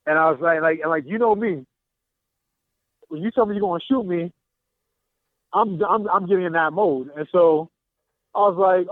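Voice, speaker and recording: This caller's voice sits high, and he speaks at a moderate pace with frequent pauses. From a gym, he phones a talk show to vividly recount a confrontation, performing the lines. The tinny phone audio is dry with no echo.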